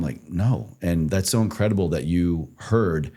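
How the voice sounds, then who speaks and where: A young man hosting a podcast interview, reflective and measured as he shares advice. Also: deep voice, mellow. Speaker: podcast host. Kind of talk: casual interview chat.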